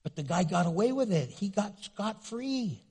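A man preaching a sermon as pastor, animated and jokey, acting out the quotes he tells. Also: high voice, normal speed, husky. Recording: echoey hall reverb.

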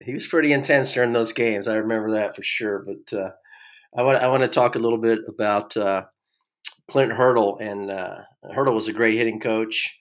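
A man's voice: fairly low pitch, normal speed. A middle-aged man and former ballplayer hosting a podcast, telling rambling stories with repeated words and chuckles. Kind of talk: casual storytelling chat.

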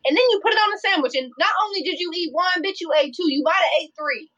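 High-voiced woman reacting in disbelief. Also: quick pace, bright, forceful tone, highs cut off. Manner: reactive, incredulous interjections. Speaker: co-host. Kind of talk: casual chat.

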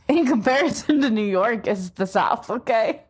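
A woman's voice: a little high, expressive, a little slow, slightly rough. A woman co-hosting a casual podcast chat, easygoing and teasing, laughing often. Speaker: podcast co-host.

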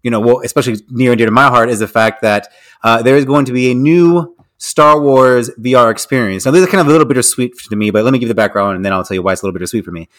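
A man co-hosting a casual podcast and walking through the news segment. He rambles and hedges, circling back with frequent restarts. His voice sits at an ordinary middle pitch. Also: quick pace, a bit bright. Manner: rambling, hedging, many restarts. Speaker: podcast co-host reading the news.

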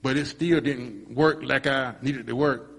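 A man's voice: mid-range voice, normal speed, gravelly, a bit bright, husky, big-room sound. A man telling a rambling church testimony, restarting and repeating himself as he goes. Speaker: congregant giving a testimony.

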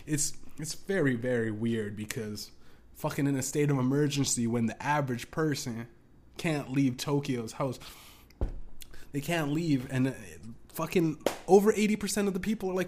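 A man's voice: medium pitch, normal speed, darkish tone, slight background noise. A young man hosting a solo podcast, ranting casually with lots of swearing, restarts and laughing asides. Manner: profane, rambling, laughing asides.

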